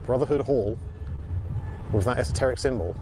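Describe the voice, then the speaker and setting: A man's voice: mid-range voice, a little fast. A man walking a city street, pointing things out in a musing, hesitant way. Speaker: video narrator. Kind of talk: casual on-the-street commentary. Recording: outdoor field recording with traffic noise.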